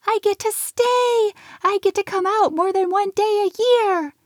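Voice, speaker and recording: A woman voicing an excitable young female birthday elf, bubbly and eager. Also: a little slow, no room sound. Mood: thrilled. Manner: bubbly and eager, high and squeaky.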